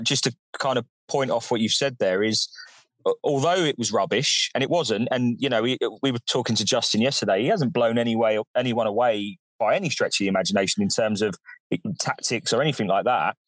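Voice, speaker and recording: A man co-hosts a podcast and makes his case bluntly, with frustration. His voice is mid-pitched and recorded close and dry. He builds his argument point by point. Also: no room sound, poor audio. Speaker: podcast co-host. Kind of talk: casual podcast chat.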